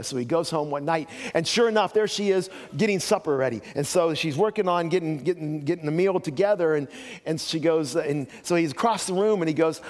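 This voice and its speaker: An older man preaches from the pulpit of a church, his voice sitting a little high for a man. He tells folksy stories and drops joking asides as he goes, and the words ring out with a long reverb from the large hall around him. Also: a little fast. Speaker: pastor. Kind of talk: sermon.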